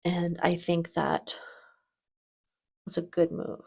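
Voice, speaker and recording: A woman's voice: fairly low pitch, monotone, takes it slowly, creaky, a little mellow, husky. A woman hosting a reaction video, giving casual commentary in a chatty, enthusiastic way with frequent restarts.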